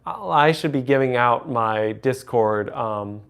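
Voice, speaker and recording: A man hosting a casual livestream, teaching relative pitch by humming and singing intervals and chatting with viewers. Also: slow pace, creaky, fairly bright tone, clean tone. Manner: hums and sings intervals to demonstrate; chats with viewers. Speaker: livestream host and music teacher.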